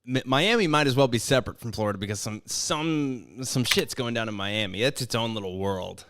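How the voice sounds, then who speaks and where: A man's voice: medium pitch, a little fast, noisy background. A man co-hosting a podcast, riffing in a rambling, profane way. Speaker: podcast co-host. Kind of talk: casual chat.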